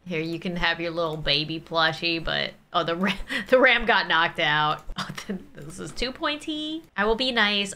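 A young woman gaming YouTuber giving excitable, giggly let's play commentary while talking to a baby character. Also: on the low side, moderate pace, hardly any pauses.

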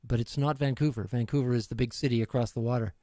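A middle-aged man from Canada, talking loosely and warmly about his music, with easy asides and restarts. His voice sits at an ordinary pitch and sounds close and dry, with no room around it. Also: quick pace, no echo. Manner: relaxed, rambling, self-deprecating. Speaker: musician guest. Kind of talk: casual live-stream interview.

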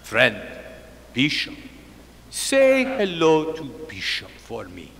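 A man voicing an elderly male pontiff who speaks kindly in slow, clipped single words. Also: fairly high pitch, huge pitch swings, gravelly, a bit bright, big-room sound, exaggerated voice.

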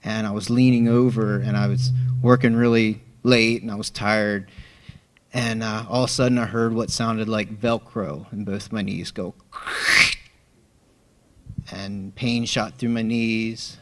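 A man telling a personal testimony in a chapel, excited and laughing often as he acts out the people in his story. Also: on the low side, normal speed. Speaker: church member giving testimony.

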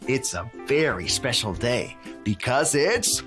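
A man's voice: mid-range voice, animated, slow, a bit bright, soft background music. A man playing a cheerful, friendly handyman who leads a scripted children's Bible lesson in a bouncy, exclamatory way and sprinkles in Spanish words. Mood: upbeat. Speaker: children's church presenter.

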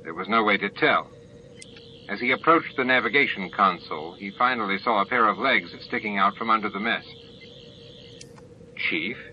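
A man narrating an amateur audiobook in steady storytelling. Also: lowish voice, brisk, dull audio, slight background noise. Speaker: audiobook reader.

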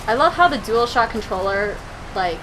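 A woman hosting a casual let's play, talking to herself as she plays, jumpy and quick to swear. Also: fairly high pitch, animated, background noise. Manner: jumpy, swears freely, talks to herself while playing. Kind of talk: casual gaming commentary. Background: game music and sounds.

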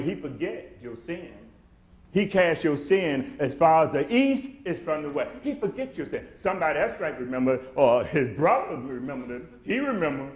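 A male pastor preaches a sermon in a church sanctuary, his mid-range voice a little mellow. He swells into emphatic, acted-out quotes, and the room sounds echoey.

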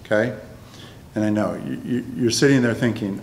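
A man with a lowish, somewhat dark voice teaches a Bible study to a live group at a normal speed. He talks conversationally and often checks that the class is keeping up. The room is echoey, with a long reverb and faint noise.

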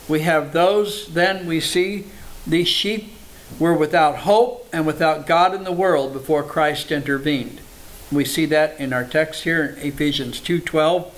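Man preaching a sermon, fairly high voice. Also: poor audio. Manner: reads scripture aloud between plain explanation; repeats words for emphasis, with small restarts. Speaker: pastor. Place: church service.

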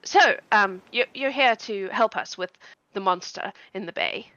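A woman voicing a brisk, hospitable human fisherwoman of a small fantasy village. She bustles and fusses over her guests. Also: mid-range voice, bright, forceful tone, dry recording, highs cut off. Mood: welcoming. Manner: fussy, hurried, welcoming.

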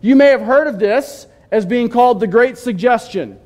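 A man's voice: very high voice, normal speed, darkish tone. A man pastor giving a sermon in a conversational way, asking the congregation questions and joking with them. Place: church sanctuary.

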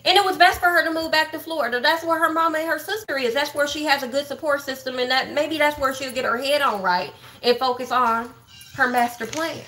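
A woman's voice: sits high, brisk, pushed and bright, slight background noise. A woman hosting a livestream, gossiping bluntly and profanely about online drama straight to her viewers. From Texas. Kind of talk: casual livestream commentary.

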